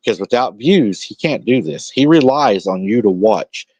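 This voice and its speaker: A man's voice: mid-range voice, lively intonation, a little slow, a little mellow, husky, no room sound, dull audio. A man hosting a livestream, commenting on a clip in a mocking, sarcastic way. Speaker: stream host.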